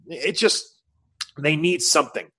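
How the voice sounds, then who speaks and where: Man, middle-aged, fairly high and bright voice, quick and joking. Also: breathy edge. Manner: animated, jokey, bursts into loud bits. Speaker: sports podcast co-host. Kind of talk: casual sports chat.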